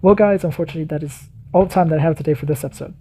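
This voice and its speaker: A man's voice: fairly high pitch, very fast, warm tone, slight background noise. A man hosting a reaction video, giving enthusiastic, rambling commentary full of fillers.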